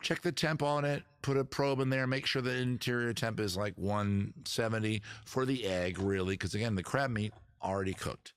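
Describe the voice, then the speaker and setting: Chatty emphatic man, low voice. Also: moderate pace, hardly any pauses, clean tone, no echo. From Maryland. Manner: chatty, emphatic, swears casually. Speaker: host. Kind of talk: casual livestream chat.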